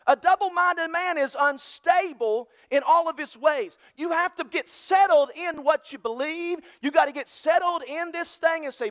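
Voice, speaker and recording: A man's voice: very high voice, a bit bright. A male pastor preaching a sermon, emphatic and repeating key phrases.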